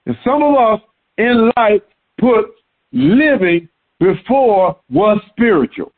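A man preaching a sermon in an animated way, repeating words for emphasis. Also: high-pitched, slow pace. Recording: tinny phone-like sound.

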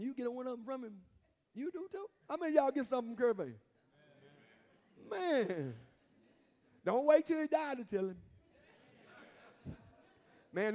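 A man's voice: sits high, darkish tone. A man preaching a sermon as pastor, with emphatic call-and-response and repeated phrases, recorded in a church sanctuary. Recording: long reverb of a church hall.

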